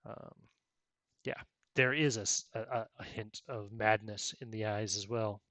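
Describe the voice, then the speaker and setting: A man running a tabletop role-playing game as game master, chatty and quick to laugh. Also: lowish voice, fairly even intonation, fairly bright tone, dry recording.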